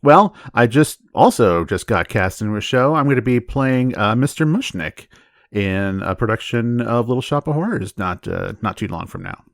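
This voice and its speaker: A man talking as a player on a tabletop game podcast, his voice rising and falling with lively pitch. He chuckles often and stumbles over words as he searches for them. The recording is dry and close. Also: moderate pace, dry recording.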